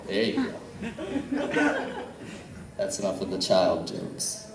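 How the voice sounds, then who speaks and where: A man's voice: on the low side, vocal fry. A young man with a Midwestern accent works through a crude stand-up set, acting out the other voices in his stories. He is recorded in an echoey club from some distance off the mic. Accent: Midwestern American. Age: young adult. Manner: casual, crude storytelling with acted-out dialogue. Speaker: stand-up comedian. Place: comedy club.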